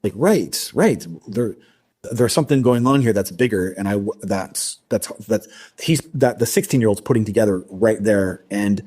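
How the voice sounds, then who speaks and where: Low, dark-voiced man telling a story. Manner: halting, many restarts and fillers. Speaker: guest recounting an abduction experience. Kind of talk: casual storytelling interview.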